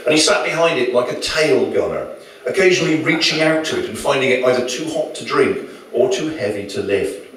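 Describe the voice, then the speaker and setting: A man's voice: medium pitch, sing-song, fairly quick, crowd noise. A male author reading his novel aloud to an audience at a live venue, with dry, wry storytelling. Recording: very echoey room, mic far off.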